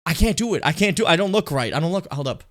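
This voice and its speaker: A man's voice: on the high side, animated, quick pace, fairly bright tone. Profane, rambling young male streamer. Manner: rambling, profane, self-mocking. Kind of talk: casual reaction stream.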